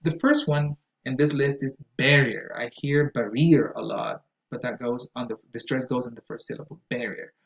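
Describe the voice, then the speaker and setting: A man's voice: medium pitch, fairly even intonation, normal speed, gravelly, few pauses, a bit bright. A man teaching pronunciation in a lecture style, explaining patiently and repeating each word for emphasis. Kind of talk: classroom lecture. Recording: echoey room.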